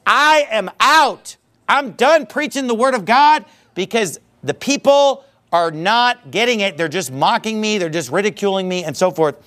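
A man's voice: high voice, animated, moderate pace, few pauses, fairly bright tone. A man voicing an anguished, exasperated male prophet, with raised, pleading outbursts as part of a sermon.

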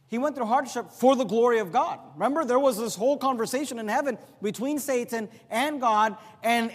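A man preaching a sermon as a pastor, swinging from loud emphatic peaks to low quiet asides, with some sarcasm. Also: long reverb tail.

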